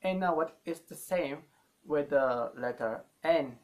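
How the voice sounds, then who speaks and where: A man teaching a language lesson, speaking slowly and haltingly and repeating each sound many times for learners. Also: on the high side. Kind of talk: slow spoken language lesson.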